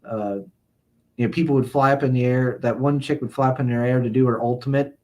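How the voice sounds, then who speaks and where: A man's voice: medium pitch, fairly even intonation, brisk, darkish tone. Male streamer, casual rambling host who reads chat aloud and chuckles a lot. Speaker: livestream host. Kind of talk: casual chat reading viewer comments.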